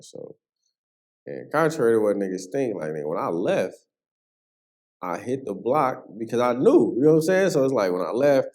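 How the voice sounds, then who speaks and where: A man telling a personal story in casual street slang, full of "you know what I'm saying" and animated as he relives what happened. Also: sits low. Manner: animated, voice rises sharply when reliving the moment. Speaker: podcast guest.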